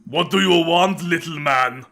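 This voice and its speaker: A man putting on a gruff mock-Russian barbarian. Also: on the high side, a little slow, pushed and bright, soft background music. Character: boastful burly male barbarian trainer.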